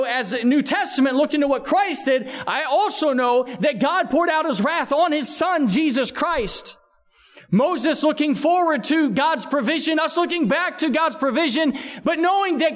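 Brief: male pastor, high voice, earnest conversational sermon. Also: lively intonation, normal speed. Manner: earnest, conversational preaching with restarts.

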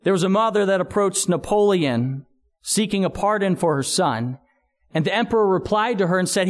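A male pastor preaches in an earnest, conversational way, often restarting and repeating words as he explains the scripture. His voice sits high for a man. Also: lively intonation, normal speed. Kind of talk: sermon.

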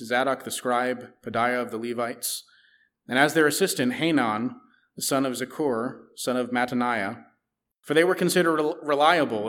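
Man, bible teaching, mid-range pitch, reads verses aloud, conversational explanation. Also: a bit bright. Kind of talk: Bible teaching with scripture reading.

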